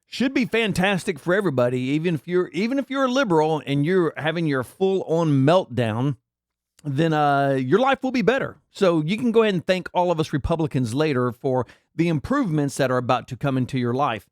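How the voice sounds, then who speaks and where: Man, podcast host, blunt mocking rant, lively up-and-down pitch, dry close sound. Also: fairly quick, no room sound. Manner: mocking, blunt, repeats himself. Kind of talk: political opinion rant.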